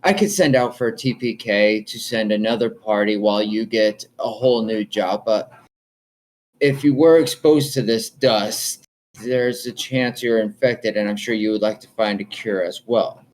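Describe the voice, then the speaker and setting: A man's voice: on the low side, normal speed, darkish tone, lightly acted, low-quality recording. A man voicing a composed male quest giver who offers the party a paid job. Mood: businesslike.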